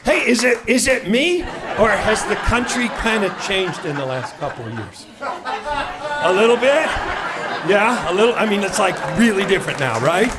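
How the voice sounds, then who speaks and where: A man's voice: high-pitched, sing-song, moderate pace. A middle-aged man from Seattle doing a stand-up set, brash and mock-indignant, firing off punchy rhetorical questions. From Seattle, USA. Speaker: stand-up comedian. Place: comedy club stage before a live audience. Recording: loud crowd laughter and room noise.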